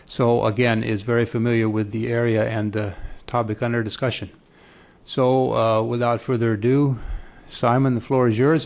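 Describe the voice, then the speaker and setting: A man moderating a panel, reading out speaker introductions in a halting way with many fillers. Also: medium pitch, a little mellow. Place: conference room.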